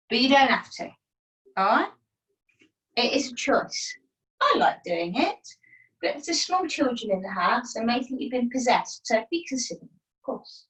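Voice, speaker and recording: A woman teaching yoga from home over a video call, her voice a little high. She gives calm breath cues and slips in playful asides. She sounds distant from the mic, in a roomy, echoing space. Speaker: yoga instructor. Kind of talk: guided yoga class cues. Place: at home, partner downstairs.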